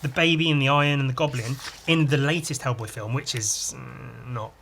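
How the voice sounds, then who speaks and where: Bright-voiced man chatting about comics. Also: medium pitch, steady tone, a little fast, vocal fry, a little hiss or hum. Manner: chatty, enthusiastic, adds sound effects. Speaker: podcast host. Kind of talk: casual commentary on a comic.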